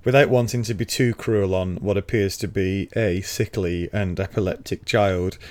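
A man co-hosting a casual book podcast, relaxed and chuckling as he recaps the story. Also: low-pitched, moderate pace. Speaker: podcast co-host.

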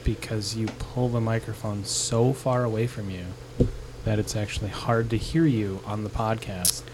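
A man's voice: on the low side, steady tone, normal speed, background noise. A man co-hosting a casual podcast outdoors, teasing his co-host in a dry way. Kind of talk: casual chat.

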